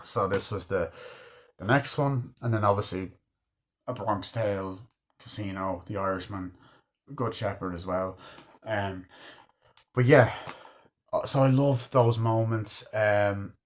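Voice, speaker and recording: A man's voice: fairly low pitch, fairly even intonation, a little slow, pauses often. A man in his twenties casually reviewing a movie with rambling, profane enthusiasm. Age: 20s. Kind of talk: casual chat.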